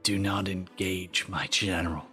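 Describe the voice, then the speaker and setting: A man puts on an ancient, grave skeletal spirit for a tabletop game, slow and hushed yet commanding. The voice sits deep and low, with faint music playing underneath. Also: fairly even intonation. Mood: solemn.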